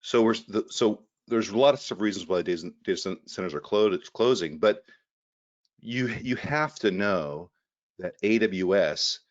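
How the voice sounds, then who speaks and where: A man giving an energetic webinar presentation over a video call, often repeating words as he goes. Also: lowish voice, a little slow, muffled recording. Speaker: guest presenter from a data company.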